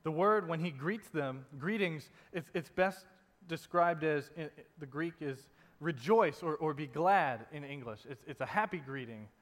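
A man preaching a sermon in a conversational way, dropping soft and low to stress a point. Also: unhurried. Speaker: pastor. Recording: long reverb in a hall.

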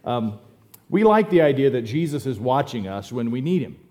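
A man's voice: mid-range voice, normal speed. Male pastor, casual sermon delivery with easy humor, church setting. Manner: relaxed joking storyteller, self-deprecating asides. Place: church sanctuary.

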